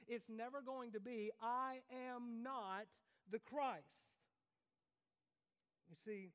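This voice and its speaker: A man preaching a sermon in a conversational way, often checking in with the congregation. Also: high voice. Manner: conversational preaching with frequent "right?" asides to the congregation. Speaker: pastor. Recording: long reverb of a large hall.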